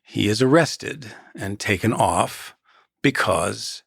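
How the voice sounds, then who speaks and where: A man, an actor and guest in an interview, speaking in a measured, reflective way and telling stories, often restarting his phrases. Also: lowish voice, lively intonation, vocal fry, husky, no echo, studio quality.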